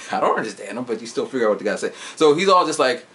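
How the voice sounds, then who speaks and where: A man's voice: medium pitch, lively intonation, fast, a bit bright, a little hiss or hum. A man in his forties telling a movie story casually, with sound effects and some swearing. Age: 40s. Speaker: vlogger reviewing a movie. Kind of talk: casual chat.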